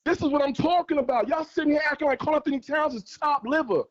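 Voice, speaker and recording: Extremely high in pitch and quick in pace, this man's voice comes through dull audio. He's a guest caller on a fan livestream, fiercely arguing sports and driving his points home by repeating them.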